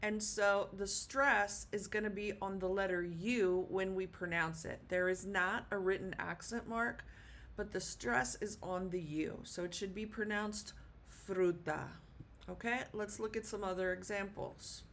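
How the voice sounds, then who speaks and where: A woman's voice: medium pitch, steady tone, a little slow, a bit bright, a little hiss or hum. A woman teaching a Spanish lesson at a board, patient, with many "um"s and "okay?" check-ins.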